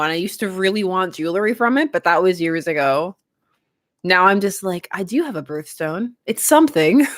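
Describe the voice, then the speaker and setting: A woman's voice: fairly low pitch, a bit bright, no room sound, clean studio sound. Giggly young woman chatting on stream. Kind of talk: casual live-stream chat.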